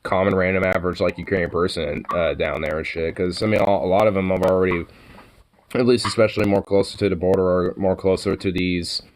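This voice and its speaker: A man's voice: low voice, fairly even intonation, fairly quick, a little hiss or hum, low-quality recording. A man in a casual, rambling monologue, swearing a lot and full of fillers.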